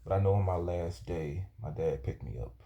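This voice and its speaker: A man telling a personal story from his youth in a halting, rambling way, often restarting his sentences. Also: sits low, muffled recording. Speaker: vlogger.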